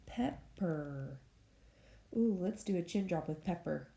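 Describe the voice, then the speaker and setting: A woman teacher leading a recorded phonics lesson for young students, speaking slowly and clearly and cheering them on as she sounds out words. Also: on the low side, mellow. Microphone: tablet screen recording. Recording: echoey room with faint noise.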